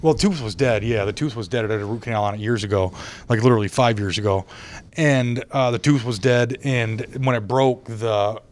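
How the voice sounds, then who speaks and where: A man's voice: medium pitch, a little fast. A man in casual chat, animatedly telling a profane story and acting out quoted lines.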